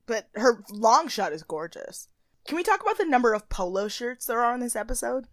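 A woman's voice: a little high, brisk, no room sound. Chatty woman podcaster, voice jumps all over, cracks now and then, dry close sound. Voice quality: voice cracks at times. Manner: chatty, animated, playful impressions of people. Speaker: podcast co-host. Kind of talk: casual chat recapping a reality show.

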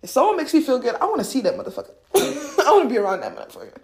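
A woman's voice: sits high, racing. A woman giving a casual motivational monologue, swearing freely and laughing often. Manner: animated, profane, laughs often. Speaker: self-help speaker. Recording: roomy echo.

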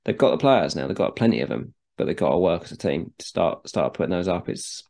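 Deep gravelly man chatting football. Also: animated, quick pace, darkish tone. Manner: chatty, restarts and repeats words. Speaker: podcast co-host. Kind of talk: casual football chat.

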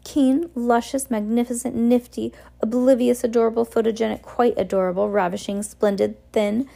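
A woman reading aloud and voicing a vain, fashion-obsessed villainess who gushes flattery. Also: mid-range voice, brisk. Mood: gushing. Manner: gushing, flattering.

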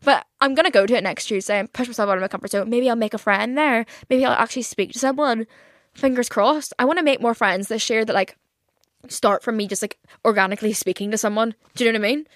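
A woman's voice: on the high side, fast talker, dry recording, clean studio sound. A young woman hosting her own podcast, chatting casually and rambling with lots of swearing and fillers. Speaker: podcast host. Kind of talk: casual solo podcast chat.

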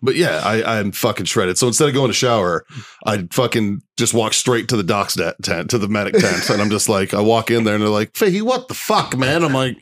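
A man's voice: lowish voice, a little fast, fairly bright tone. A man co-hosting a casual podcast, telling a profane military story with lots of laughter and acted-out quotes. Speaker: podcast co-host.

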